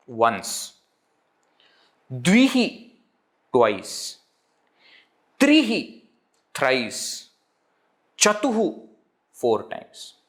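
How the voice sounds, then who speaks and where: Lively Indian man teaching Sanskrit. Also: on the high side. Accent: Indian English. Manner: lilting, repeats words and glosses each term in English. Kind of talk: live online language lesson.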